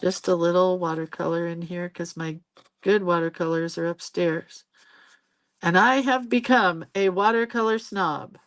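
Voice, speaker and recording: A chatty woman in her sixties talks casually while she paints on a live stream, laughing often and hopping from one story to the next. Her voice sits a little low. The sound is close and dry, with no room echo. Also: steady tone, measured pace. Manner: chatty, laughs often, jumps between stories and viewer comments. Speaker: host of a live drawing stream.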